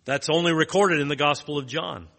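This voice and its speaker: Bright-voiced man teaching in a hall. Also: fairly high pitch, a little fast, vocal fry, a little hiss or hum. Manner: plain teaching tone with restarts and rhetorical questions. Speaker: Bible teacher. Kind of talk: Bible lesson.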